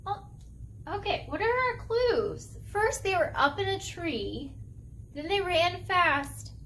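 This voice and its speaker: High-voiced woman reading to preschoolers. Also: very animated, slow, a little hiss or hum. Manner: gentle, questioning the kids. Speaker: children's librarian. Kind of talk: preschool storytime read-aloud.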